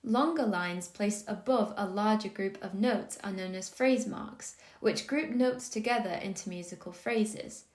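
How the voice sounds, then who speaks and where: A woman giving a scripted music theory lesson, explaining in a calm, measured, clearly paced way. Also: medium pitch. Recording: roomy echo on the voice.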